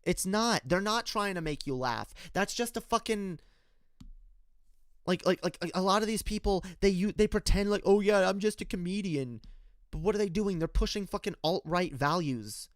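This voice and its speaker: A young man with a higher-pitched voice that comes across smooth and resonant, recorded close and dry. He rants in an unscripted, heated way, swearing often and circling back through restarts as he argues with his viewers. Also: animated, normal speed, dry recording. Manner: heated, profane, rambling with restarts; argumentative, addresses viewers directly. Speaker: political commentator. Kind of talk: unscripted rant-style commentary.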